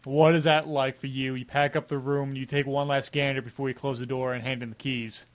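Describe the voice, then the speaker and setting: A young man in his twenties hosting a casual podcast interview, asking long, relaxed leading questions. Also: mid-range voice, a little fast. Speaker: podcast host.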